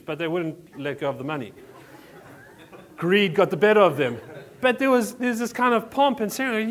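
Conversational male pastor, slightly high voice. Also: a bit bright. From South Africa. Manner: conversational, restarts often, many fillers. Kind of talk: sermon.

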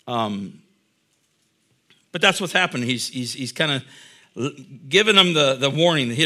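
Animated, bright-voiced male pastor. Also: fairly high pitch, normal speed. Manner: animated, reads scripture aloud then explains it conversationally. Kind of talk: sermon.

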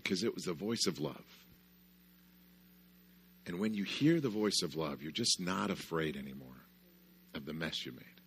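A man's voice: low-pitched, creaky, sharp tone, slightly rough. A man giving a conversational parenting talk at a church conference, often checking in with "right?". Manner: conversational, lots of "right?" asides. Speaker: conference speaker.

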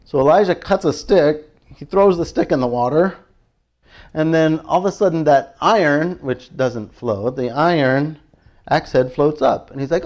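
Animated high-voiced male preacher. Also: moderate pace. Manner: animated, chatty, laughs often, acts out quoted prayers. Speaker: pastor. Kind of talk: sermon.

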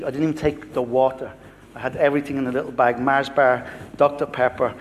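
A man's voice: on the high side, long reverb tail. A man in his fifties, a pastor, preaching a sermon built on a personal story and acting out the dialogue.

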